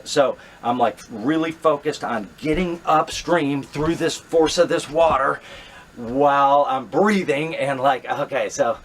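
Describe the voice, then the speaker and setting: A middle-aged man telling a true story to camera, animated and reenacting his own thoughts, with frequent fillers and restarts. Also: medium pitch, slight background noise.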